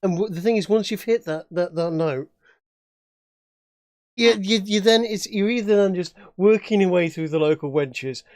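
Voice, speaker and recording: A man's voice: sits high, moderate pace, no room sound, studio quality. A man from England chatting as a player in a tabletop game, rambling with many restarts and fillers. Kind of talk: casual chat at a tabletop game.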